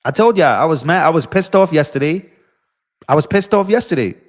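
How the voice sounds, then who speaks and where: A man's voice: a little high, lively intonation, fairly quick. Fired-up man ranting on a live stream. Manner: impassioned, ranting, addresses viewers as bro and y'all. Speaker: political live-stream host. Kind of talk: heated live-stream commentary.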